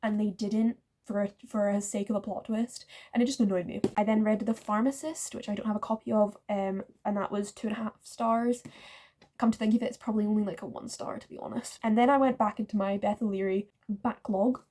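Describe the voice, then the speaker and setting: A woman's voice: medium pitch, steady tone, brisk, warm tone. A woman chatting casually about books she read, rating each one and correcting herself as she goes. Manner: chatty, self-correcting, uses "like" often. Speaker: book vlogger. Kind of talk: casual book review chat.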